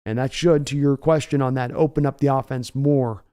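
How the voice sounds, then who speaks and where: A man's voice: mid-range voice, steady tone, normal speed, warm tone, clear, resonant tone. A man hosting a live stream, chatting in a rambling way and reading donor messages aloud. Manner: rambling, chatty, reads donations. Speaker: host. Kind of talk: live stream reaction chat.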